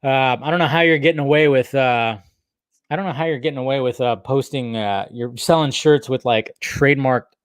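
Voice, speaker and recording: A man's voice: mid-range voice, moderate pace, clean tone, no echo. A man hosting a casual livestream, reading chat questions aloud and answering in a rambling, profane way.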